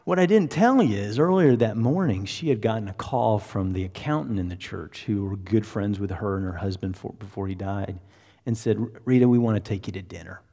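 A man's voice: fairly low pitch, normal speed, dark tone. A man, a pastor, telling a story in a conversational sermon and acting out what people said. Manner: conversational, anecdotal, acts out quotes. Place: large church sanctuary. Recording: reverberant church hall.

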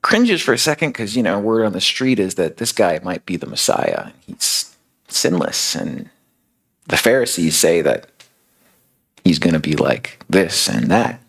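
Guy preaching like he's just telling a story, super low gravelly husky voice. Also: big pitch swings, measured pace, fairly bright tone, low-quality recording. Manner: casual, filler-heavy retelling. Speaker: speaker. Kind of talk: storytelling sermon.

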